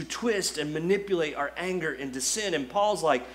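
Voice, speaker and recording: Male pastor, higher voice, chatty lively sermon delivery that acts out the quotes. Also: normal speed, hardly any pauses, a little hiss or hum. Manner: conversational and lively, acting out quotes, frequent "like".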